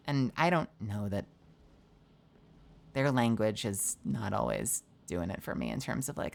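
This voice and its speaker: A woman's voice: low-pitched, fairly bright tone. A woman streaming a video game, chatting casually with lots of "like" fillers and swearing, reading the game text aloud. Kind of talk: casual gameplay commentary.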